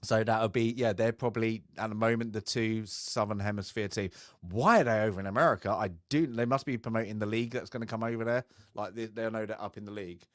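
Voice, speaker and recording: A man's voice: on the low side, steady tone, quick pace, few pauses, no echo, clean studio sound. A man, co-hosting a casual chat, rambling and trailing off with easy laughs. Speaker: podcast co-host.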